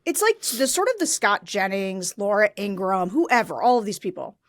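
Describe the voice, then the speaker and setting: A woman co-hosting a political podcast in casual chat, sardonic with quick asides. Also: mid-range voice, very animated, dry recording, studio quality. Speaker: podcast co-host.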